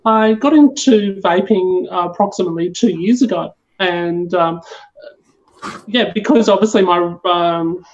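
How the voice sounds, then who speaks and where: A woman's voice: lowish voice, measured pace, muffled recording. A woman from Australia with an Australian accent, a podcast guest chatting casually and rambling a little, with lots of fillers and restarts. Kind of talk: casual chat.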